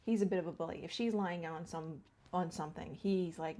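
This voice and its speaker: A middle-aged woman with a fairly low, warm voice talks briskly through a get-ready-with-me beauty vlog at home, rambling, laughing, and now and then slipping into a whisper. There's a slight hiss or hum on the recording.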